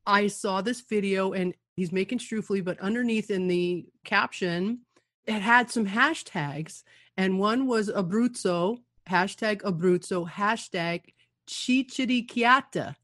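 Lively female co-host, mid-pitched, close and dry. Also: unhurried, no room sound. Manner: animated storytelling, laughs often. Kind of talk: casual radio talk.

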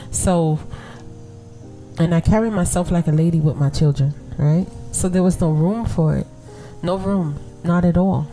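This podcast host is a Brooklyn-accented woman in her forties with a lowish, dark-toned voice. She chats casually with her female listeners, laughing frequently and checking in with "right?"

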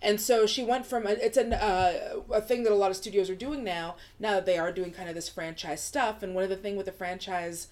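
A woman talking as a podcast guest in a loose, casual chat. She is animated and swears freely while explaining background at length. Her voice sits at a middle pitch. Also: brisk, few pauses.

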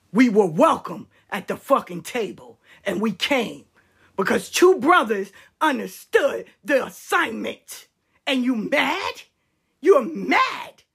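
A woman speaking as a spiritual practitioner on a live stream, heated, profane and confrontational, swinging between shouts and low, pointed asides. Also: vocal fry, husky.

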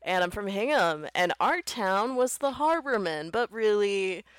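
A woman's voice: medium pitch, animated, a little slow, smooth, no room sound. A woman, a wry, laid-back podcast guest in casual chat. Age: 30s.

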